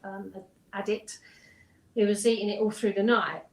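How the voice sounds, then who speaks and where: A woman's voice: medium pitch, level tone, moderate pace, darkish tone. A woman, a hypnotherapist, chatting casually in an interview and telling client stories with frequent ums and restarts. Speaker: hypnotherapist guest. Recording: roomy echo.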